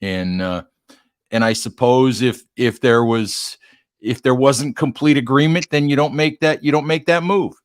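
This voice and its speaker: A man's voice: mid-range voice, measured pace. A man hosting an interview, asking questions in a conversational, wry way. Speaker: host, writer. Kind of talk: podcast interview.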